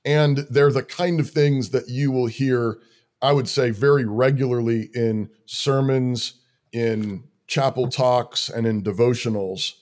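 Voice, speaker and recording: A man's voice: mid-range voice, steady tone, a little slow, a little mellow. A man who leads a church, talking through practical Christian living in an earnest, rhythmic way, often stacking short commands in lists. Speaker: church leader. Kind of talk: conversational interview talk.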